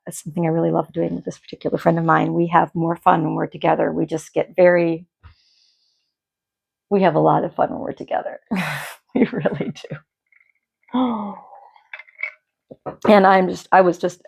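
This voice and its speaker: Gravelly low-voiced woman chatting casually. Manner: chatty and rambling, with frequent restarts. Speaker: knitting podcast host. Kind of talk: casual chat. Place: home dye studio.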